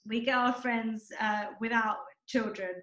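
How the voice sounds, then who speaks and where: A woman with a high, bright-pitched voice talks in a chatty, rambling way. She is heard over a video call from an echoey room. The tone is casual and conversational. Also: flat delivery, unhurried. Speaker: guest and author, mother.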